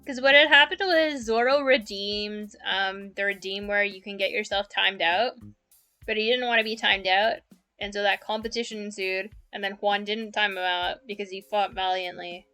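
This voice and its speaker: A young woman streamer chats casually close into her mic, giggling often and laughing between sentences. Her medium-pitched voice stays steady at a normal speed, sounding pushed and bright. Soft music plays in the background.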